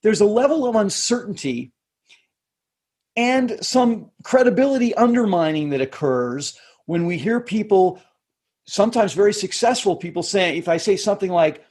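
A man who works as a communication coach, a podcast guest explaining in a measured way and dropping his pitch to close points. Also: lively intonation, darkish tone, breathy edge. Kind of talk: interview conversation.

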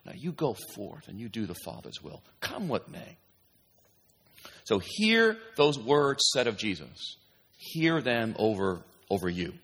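A man's voice: fairly low pitch, big pitch swings, unhurried, a bit bright, slightly rough. Emphatic male preacher in a reverberant hall. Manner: emphatic, repeatedly asking "do you understand?". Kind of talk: sermon.

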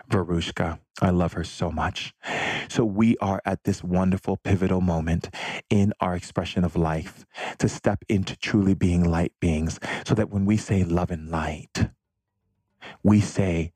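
A man's voice: deep voice, fairly even intonation, a little slow, mellow, husky, no echo. A man hosting a podcast, giving an effusive, affectionate spiritual monologue. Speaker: podcast host.

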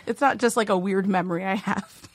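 A woman's voice: mid-range voice, fairly even intonation, brisk, no echo. A woman guest chatting on a podcast, eager and full of casual fillers. Her mid-range voice is recorded dry and close. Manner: enthusiastic, lots of "like". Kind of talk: casual chat.

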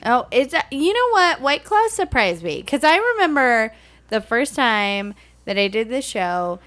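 A woman chatting casually on a podcast, telling lively, giggly stories over drinks. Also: on the high side, a little slow. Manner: giggly, animated storyteller. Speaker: podcast guest. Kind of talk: casual drinking-show banter.

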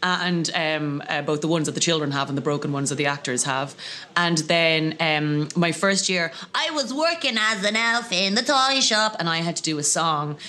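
A man telling lively, self-mocking comic anecdotes as a podcast guest. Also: fairly high pitch, moderate pace. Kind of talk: casual comic storytelling.

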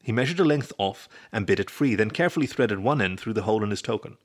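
A man reading a story aloud as narrator in a steady storybook manner. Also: fairly low pitch, quick pace. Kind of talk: scripted narration.

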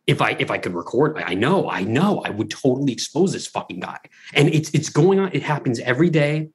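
Podcast co-host, male, slightly rough voice, chatty, restless, swears freely. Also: mid-range voice, a little fast. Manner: rambling, animated, lots of restarts and profanity. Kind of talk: casual podcast banter.

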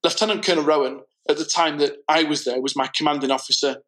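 A man with a slightly higher voice tells a story at an unhurried pace. He leans on key words and draws them out for emphasis, in a relaxed conversational way. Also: poor audio. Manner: storytelling, deliberate, slows for emphasis. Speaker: guest. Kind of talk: casual conversation.

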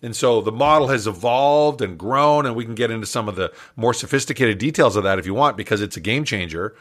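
An older man who works as a business coach speaks briskly in a medium-pitched voice as a podcast guest. Animated and chuckling, he tells a story and performs its dialogue.

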